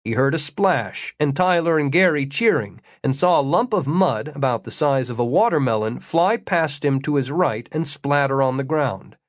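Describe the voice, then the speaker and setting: A man reading an audiobook, telling an adventure story in a measured way with dry humor. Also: medium pitch, animated, no echo. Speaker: narrator. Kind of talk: audiobook narration.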